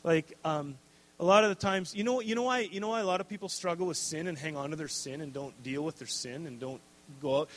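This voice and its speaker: A middle-aged man and pastor preaching a sermon, telling a personal story in an animated, casual way with many fillers. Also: fairly high pitch, a little hiss or hum.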